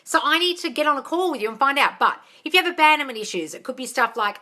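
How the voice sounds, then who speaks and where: A woman in her thirties works as a manifestation coach, fielding viewer questions on a live stream. She's chatty, laughs easily, swears casually and calls her viewers "darling," and her voice sits high, expressive and sharp. It's recorded on a phone.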